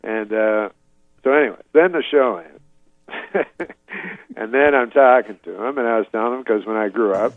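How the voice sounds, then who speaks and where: A male comedian guest telling a meandering story in a relaxed, chuckling way. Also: lowish voice, moderate pace, pauses often, dry recording. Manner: meandering, laid-back, chuckling asides. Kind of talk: rambling storytelling. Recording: dull lo-fi audio.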